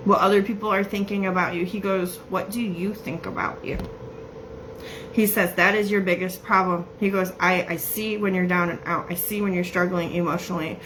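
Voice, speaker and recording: A woman giving a casual psychic reading, chatty and laughing often as she quotes messages in quick bursts. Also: mid-range voice, steady tone, a little hiss or hum, low-quality recording. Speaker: psychic medium.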